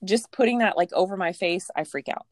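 A woman in her thirties telling a personal story in a casual, animated way, laughing often and acting out what people said. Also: lowish voice, fairly quick, no room sound, studio quality. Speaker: storyteller guest.

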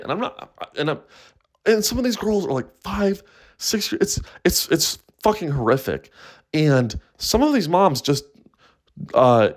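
A young man hosting a solo comedy podcast, who swears often and rambles with frequent false starts. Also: a little high. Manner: profane, rambling, full of restarts.

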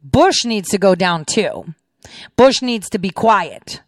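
A woman's voice: medium pitch, expressive, slow pace, no room sound, clean studio sound. A woman hosting a show and giving political commentary on played clips, in a sarcastic way full of rhetorical questions. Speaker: podcast host.

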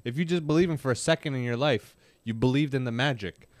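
A man's voice: medium pitch, fast talker, no echo. A man co-hosting a casual podcast, cracking crude jokes in bro slang.

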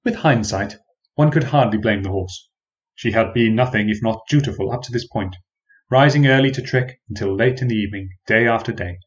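A man telling a first-person story in measured, wry, old-fashioned formal phrasing. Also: fairly low pitch, lo-fi sound.

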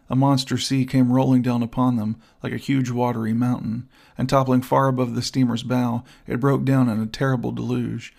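A man narrating an old-fashioned adventure story in a measured reading style. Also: medium pitch, creaky, darkish tone. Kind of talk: audiobook narration.

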